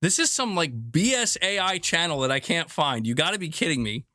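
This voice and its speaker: A man's voice: fairly high pitch, sing-song, fairly quick, sharp tone, no echo, studio quality. A man hosting a gaming news show in casual chat, rambling, exasperated and jokey.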